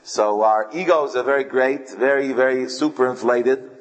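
A man's voice: mid-range voice, normal speed. A man preaching in an easygoing, rambling way, stopping to search for words and slipping in dry humor. He has a mid-range voice, and a long reverb from the hall hangs behind him. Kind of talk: sermon with storytelling.

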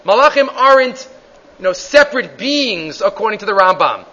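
Bright-voiced man teaching Talmud. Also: high-pitched, lively intonation, moderate pace. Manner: reads Hebrew and Aramaic text aloud, then translates into English; sing-song chanting of the text, with many restarts. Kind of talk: Gemara shiur. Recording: dull lo-fi recording.

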